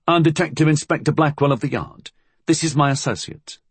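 Polite, unruffled inspector, a touch higher and husky, read by a male narrator. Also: a little fast, dry recording. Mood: calm. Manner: courteous, calm, says sir. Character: polite, calm police inspector man.

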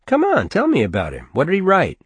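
A man's voice: on the high side, huge pitch swings, fairly quick, husky, no echo, pitched above the performer's own voice, heavily acted. A man voicing a teasing young male student. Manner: teasing, casual.

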